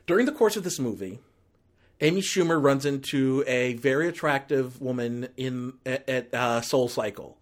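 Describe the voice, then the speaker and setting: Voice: medium pitch, moderate pace. A film reviewer ranting through a ranked movie list, exasperated and full of casual fillers. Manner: ranting, exasperated, escalating into outbursts; casual filler-heavy talk with restarts.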